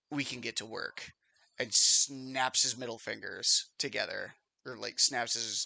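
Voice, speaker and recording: A man's voice: mid-range voice, gravelly, pushed and bright, dry recording. A man narrating a tabletop role-playing game as game master, explaining the rules patiently between bits of story.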